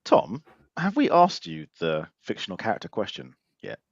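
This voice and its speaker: A man's voice: lowish voice, huge pitch swings, normal speed, husky, muffled recording. A man co-hosting a podcast, teasing his guests in casual banter over a video call. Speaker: podcast co-host.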